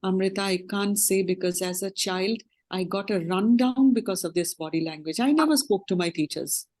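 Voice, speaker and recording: A woman's voice: mid-range voice, moderate pace, a little mellow. Reflective woman teacher. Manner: reflective, earnest, speaking from her own experience. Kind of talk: panel discussion comment.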